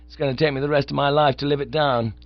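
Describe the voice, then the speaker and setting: A man's voice: mid-range voice, fairly even intonation, fast talker, dry recording, voice pushed up, close to an everyday voice. A man voicing a breezy, easily flustered young upper-class idler who sounds exasperated, in a dull, dry recording.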